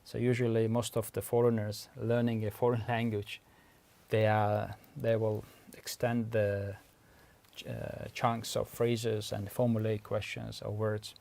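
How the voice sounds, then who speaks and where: With a lowish, monotone voice that's a little slow, a bit mellow, and marked by vocal fry, a man gives an explanatory lecture. He is a language researcher whose first language is Uzbek, and he has an Uzbek accent. He proceeds patiently and methodically, frequently stopping to clarify terms.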